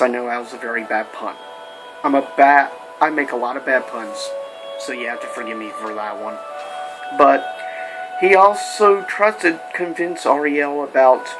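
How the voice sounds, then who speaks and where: A man's voice: a little high, low-quality recording. A man giving a casual, rambling movie review, with lots of fillers and restarts.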